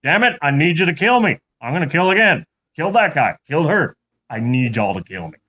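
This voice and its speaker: A man's voice: fairly high pitch, very animated, brisk, sharp tone, full character voice. A man voicing a blunt, insistent adult male murderer. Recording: lo-fi recording.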